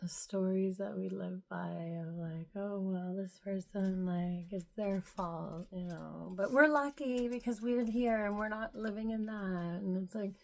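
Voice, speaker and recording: A woman's voice: mid-range voice, unhurried, vocal fry, few pauses. A woman in her thirties musing in a casual, rambling vlog monologue, filling her talk with "like". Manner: meandering, heavy use of "like", soft musing tone. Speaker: spiritual vlogger.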